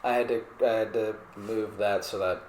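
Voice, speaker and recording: A man's voice: on the low side, steady tone, moderate pace. A man co-hosting a casual podcast chat, chiming in with brief, agreeable comments. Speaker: podcast co-host. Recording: echoey room.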